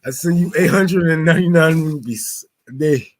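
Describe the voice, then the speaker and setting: A man's voice: on the high side, moderate pace, lightly acted. A man putting on a joking male donor with a mock Russian accent, teasing and boisterous.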